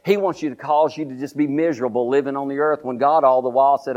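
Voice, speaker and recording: A man's voice: mid-range voice, fairly quick, hardly any pauses, a little mellow. An older pastor delivers a sermon, circling back over phrases and asking listeners to repeat after him. His sentences stop and restart often. The recording is dull and lo-fi. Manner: repetitive call-and-response preaching with many restarts.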